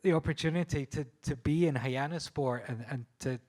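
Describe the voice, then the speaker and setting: Speaking with a Scottish accent, this man from Scotland is a photographer sharing anecdotes at a public panel event. His voice runs on the high side with a darkish tone at normal speed, and he laughs a lot, restarts often, and fills gaps with fillers.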